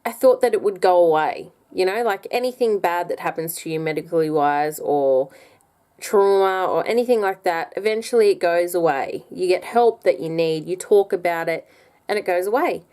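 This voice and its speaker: Young mum vlogging, candid and rambling. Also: female voice, fairly low pitch, normal speed, a little mellow. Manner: candid, rambling, many ums and restarts. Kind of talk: casual personal vlog.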